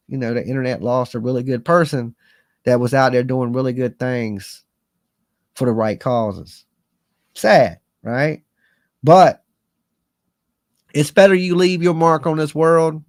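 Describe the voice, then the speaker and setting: A man's voice: mid-range voice, no room sound, clean studio sound. A man in his forties, a live-stream host, talking casually in a rambling, earnest and folksy way with slang to his viewers.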